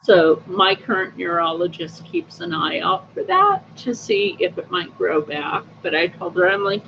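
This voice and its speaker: Woman, slow unhurried talk, lively up-and-down pitch, casual rambling stories, muffled lo-fi audio with faint hiss. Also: creaky. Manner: chatty, upbeat, rambling with fillers. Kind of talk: casual personal storytelling. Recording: dull lo-fi audio with faint noise.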